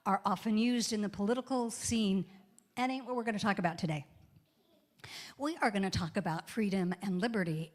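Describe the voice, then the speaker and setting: Chatty woman giving a casual sermon. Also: mid-range voice. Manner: chatty and joking, spells words out letter by letter. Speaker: guest minister. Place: church.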